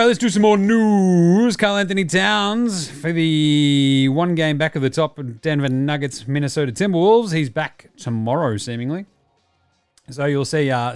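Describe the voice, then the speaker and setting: A man's voice: fairly high pitch, clean tone, dry recording. A man hosting a solo basketball news podcast, chatting casually and joking with himself. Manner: casual, jokey, talks back to himself. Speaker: podcast host. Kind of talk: solo sports news commentary.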